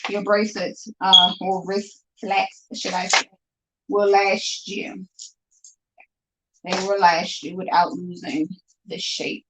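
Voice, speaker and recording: A woman's voice: mid-range voice, level tone, slow pace, pauses often, noisy background. A woman selling her handmade bracelets on a live stream, chatty and upbeat as she talks straight to her viewers from home. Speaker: jewelry seller on a live stream. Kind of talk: casual live sales chat. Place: room at home. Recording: dull lo-fi stream audio.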